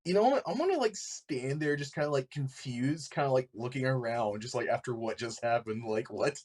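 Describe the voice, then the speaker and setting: A man's voice: medium pitch, animated, fairly quick, a little mellow. A man playing a tabletop game, talking in a hesitant, laughing way. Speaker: player.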